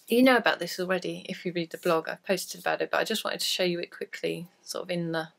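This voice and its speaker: Chatty woman, gravelly voice. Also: on the low side, fast talker. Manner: chatty and rambling, self-deprecating. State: coughing from a cold. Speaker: podcast host. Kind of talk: casual chat.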